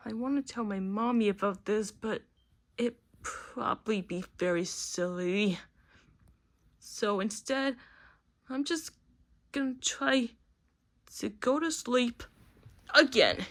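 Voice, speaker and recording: A woman's voice: a little high, takes it slowly, pauses often, fairly bright tone, pitched below the performer's own voice. A woman voicing a small, frightened child in a homemade cartoon, talking in a fretful, stammering way. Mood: worried. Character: small scared child, Nina.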